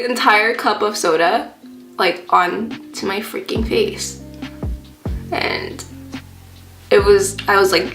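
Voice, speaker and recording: A young adult beauty vlogger with a mid-range, fairly bright voice tells a casual storytime while doing her makeup. She's chatty, full of fillers, and swears freely. The recording sounds roomy, with faint background music.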